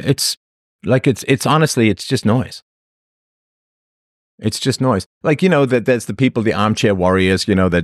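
A man's voice: on the low side, dry recording, clean studio sound. A man hosting a livestream, delivering an opinionated monologue to his chat in a sarcastic, mocking way. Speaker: livestream host.

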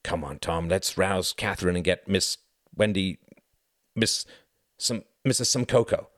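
A man voicing a calm, gentle older husband with an unhurried, mildly weary manner in a storybook reading. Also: deep voice, no room sound, clean studio sound.

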